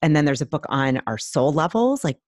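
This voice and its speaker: A woman's voice: low-pitched, big pitch swings, brisk, a little mellow, no room sound. Enthusiastic woman guest, close and dry. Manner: enthusiastic, earnest, laughs often. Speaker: podcast guest, author. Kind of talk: casual chat.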